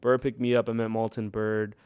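A man in his twenties with a Californian accent, telling stories as a podcast guest, animated and full of "like" fillers, laughing often. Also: lowish voice, a little fast, clear, resonant tone, no echo. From Thailand and California. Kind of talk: casual storytelling.

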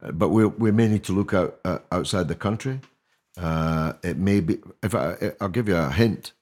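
A man's voice: low-pitched, normal speed, a little mellow. An older man, a guest on a podcast interview, talking in an emphatic, rhetorical way with many restarts. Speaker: mayoral candidate guest.

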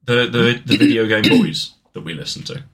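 A man co-hosting a podcast, chatting casually in an animated, playful way, with asides and restarts. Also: mid-range voice, a little fast. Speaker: podcast co-host. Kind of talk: casual banter.

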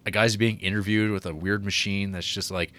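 A man's voice: lowish voice, fairly even intonation, fairly quick, fairly bright tone. A man co-hosting a podcast, chatting casually about a movie and rambling with lots of fillers. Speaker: podcast co-host.

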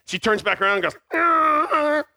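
High, bright-voiced man telling a comic story. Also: moderate pace. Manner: animated, self-mocking, acts out sounds. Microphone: small mic near his beard.

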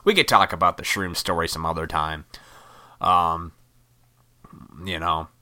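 A man with a deep voice that has a bright, edgy ring to it. He rambles loosely through a personal story, swearing freely and laughing at his own tale. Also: fairly even intonation, measured pace. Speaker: musician telling a personal story. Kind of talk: casual storytelling to camera.

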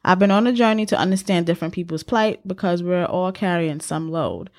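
A woman's voice: on the low side, fairly quick, darkish tone, no echo. Brash New York woman podcast co-host in her forties, dry close-miked casual chat. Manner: brash, laughing, profane.

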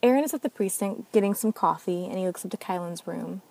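A woman's voice: medium pitch, quick pace, gravelly, darkish tone, poor audio. A woman narrating an amateur audio drama and reading every part herself. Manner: reads all parts herself. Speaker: narrator and sole reader.

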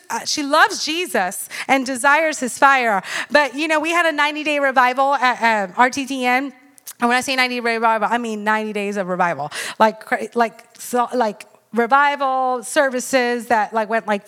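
A woman in her thirties giving a sermon full of personal stories, chatty and animated, checking in with the audience with "okay?" and "all right?". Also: fairly high pitch. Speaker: speaker at a women's church gathering. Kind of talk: preaching with personal storytelling.

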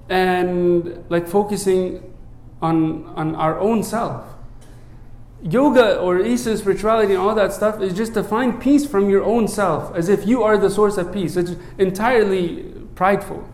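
Male priest, sermon, high voice, roomy echo, earnest, quiet prayer recitation. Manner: earnest, asks many rhetorical "right?" checks; drops low and soft when reciting the prayer.

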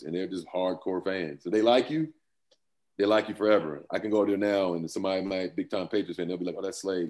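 A man with a very low voice talks through his old playing days, loose and rambling, breaking into laughs. He is in his fifties and speaks as a guest in a casual interview. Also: darkish tone. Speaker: former pro football player, guest.

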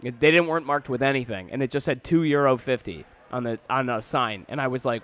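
A man's voice: mid-range voice, fairly even intonation, quick pace, few pauses, fairly bright tone. A man hosting a podcast, chatting casually, poking fun at himself and swearing freely. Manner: self-mocking, swears freely. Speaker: podcast host. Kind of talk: casual chat.

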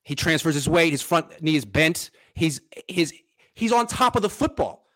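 Animated man breaking down football film. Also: fairly high pitch, normal speed. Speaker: podcast host. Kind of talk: casual sports chat.

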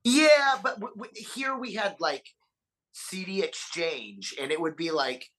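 Guy with a bright voice, rambling animated stories, cusses a lot. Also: high-pitched, measured pace. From Texas, USA. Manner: animated, swears freely, acts out quotes. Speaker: podcast guest. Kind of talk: casual storytelling chat.

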